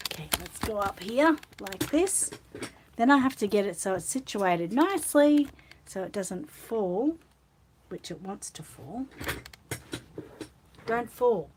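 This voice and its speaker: A woman's voice: medium pitch, lively intonation, unhurried, a little hiss or hum. An Australian woman hosting a casual live chat, rambling and reading out viewer comments while tired and yawning. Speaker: channel host.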